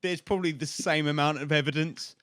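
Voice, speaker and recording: A man's voice: on the high side, steady tone, a little fast, fairly bright tone, no room sound, studio quality. A man co-hosting a podcast, telling history in a jokey, sweary way. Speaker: podcast co-host. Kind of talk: casual chat.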